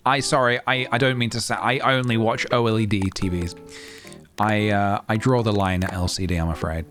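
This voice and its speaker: A man's voice: on the low side, steady tone, a little fast, fairly bright tone. Playful man streaming a game. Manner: playful, rambling, with sing-song noises. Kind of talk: casual live-stream chat while playing a game. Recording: faint guitar music behind.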